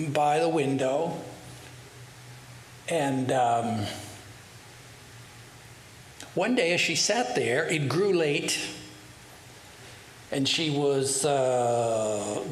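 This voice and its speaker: Slow, storytelling monk in an echoey hall. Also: male voice, a little high. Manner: unhurried, rhetorical questions, storytelling. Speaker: swami giving a talk. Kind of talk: sermon with storytelling. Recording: roomy hall with faint hiss.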